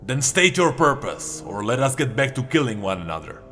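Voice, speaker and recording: A man's voice: mid-range voice, big pitch swings, normal speed, fairly bright tone, faint music behind. A man voicing a bitter, blunt male warrior god who snaps and snarls his lines in a storybook reading. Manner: curt, snarling.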